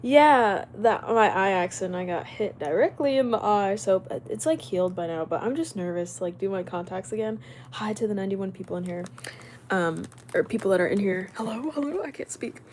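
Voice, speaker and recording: A young woman live streaming from home, chatting casually, reading out comments and firing back quick retorts with frequent laughs. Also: medium pitch, darkish tone, a little hiss or hum. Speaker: livestreamer. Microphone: camera mic while live streaming.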